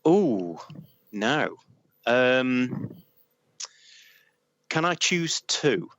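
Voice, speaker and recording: A man's voice: mid-range voice, big pitch swings, a bit bright, no room sound. A man with a northern English accent from Manchester, a game reviewer chatting hesitantly and with self-deprecating jokes as a podcast guest. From Greater Manchester, England. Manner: hesitant, self-deprecating, joking, many pauses and fillers. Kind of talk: casual podcast chat.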